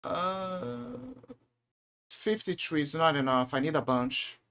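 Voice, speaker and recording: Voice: medium pitch, big pitch swings, slow pace, gravelly, a bit bright. A streamer chatting casually to viewers while gaming, often stammering and repeating words as they vent.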